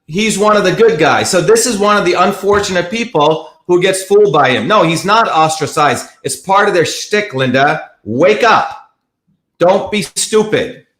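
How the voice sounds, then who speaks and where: A man's voice: high-pitched, normal speed, hardly any pauses, fairly bright tone. A man hosting a live online show, talking bluntly and combatively in heated, repetitive commentary. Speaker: livestream host. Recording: echoey room.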